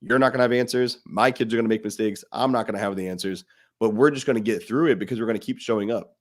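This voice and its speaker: A man's voice: on the low side, fast. Man, podcast co-host, passionate, emphatic, blunt, curses freely, casual talk.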